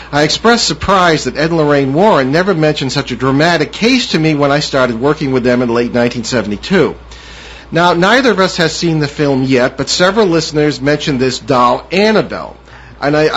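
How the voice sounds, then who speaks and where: An older man, co-hosting a paranormal radio talk show in a measured, formal way. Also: a little high, a bit bright. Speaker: co-host. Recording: dull lo-fi radio audio with faint hiss.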